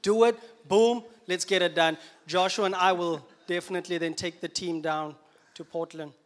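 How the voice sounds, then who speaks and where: A man's voice: high-pitched, normal speed. A man from Namibia, an enthusiastic youth leader speaking at a church service. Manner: enthusiastic, upbeat, energetic. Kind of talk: church announcement interview.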